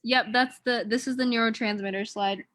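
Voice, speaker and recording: Woman, co-host, fairly high pitch, dry sound, quick practical chat, video call. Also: steady tone, a bit bright, dry recording. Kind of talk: casual chat about tech setup.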